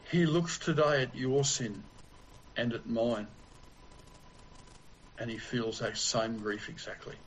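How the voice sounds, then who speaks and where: A man preaching a sermon in a slow, deliberate way with long pauses. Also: medium pitch, a little hiss or hum, rough recording.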